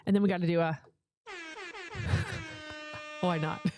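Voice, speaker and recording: A woman's voice: on the low side, fairly even intonation, racing, over music. A woman business coach giving a motivational talk into a close microphone, with a casual, chatty manner and an emphatic, repetitive cadence. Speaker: business coach for female entrepreneurs.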